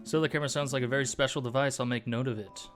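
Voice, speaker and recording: A man's voice: medium pitch, steady tone, very fast, fairly bright tone, faint music behind, lightly acted. A man doing a polite, earnest bird lawyer. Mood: formal. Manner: formal, courteous.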